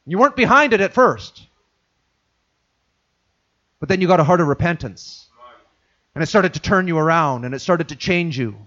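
A man preaching a sermon as a pastor, who acts out the inner voices of his listeners and drops to a hush for them. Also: fairly high pitch, animated, normal speed, long pauses, dull audio.

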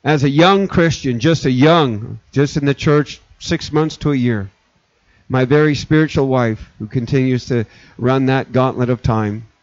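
A man's voice: medium pitch, measured pace, no echo. A middle-aged male pastor preaching a sermon, earnest and repetitive, circling back to restate his points. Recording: dull lo-fi recording.

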